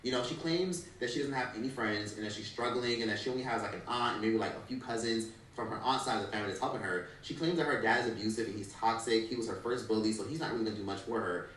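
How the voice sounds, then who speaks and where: A man's voice: fairly low pitch, fast talker, few pauses, fairly bright tone, far from the mic, slight background noise. A man giving blunt, profane commentary on an influencer's downfall, recorded off mic in an echoey room. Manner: blunt, swearing. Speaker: commentary YouTuber.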